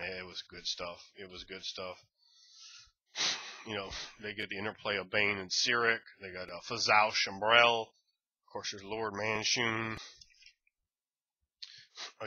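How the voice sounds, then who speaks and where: A man's voice: on the low side, sharp tone, no room sound, dull audio. A man giving a casual, enthusiastic and rambling review of a tabletop game book.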